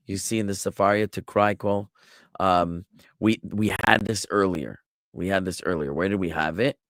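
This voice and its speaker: American rabbi teaching scripture online, low and dry, patient with fillers. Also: male voice, dry recording. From United States. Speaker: rabbi teaching a Bible class. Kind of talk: live online Bible lesson answering chat.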